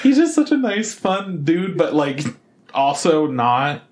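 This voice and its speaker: A man co-hosting a podcast in casual chat, chiming in with quick reactions and laughs. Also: a little high, big pitch swings, a little hiss or hum. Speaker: podcast co-host.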